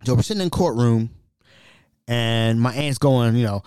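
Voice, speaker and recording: Guy on a podcast telling a story, mid pitch, super dry close mic. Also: moderate pace, clear, resonant tone, no room sound. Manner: animated, drops to whispers when quoting himself. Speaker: podcast host. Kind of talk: casual storytelling.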